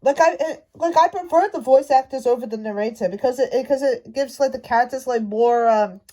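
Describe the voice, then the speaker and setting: Brief: high-pitched woman, fan rant, halting delivery full of restarts. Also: dark tone. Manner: halting, stumbling, many restarts. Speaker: fan commentator. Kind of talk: casual rant to camera.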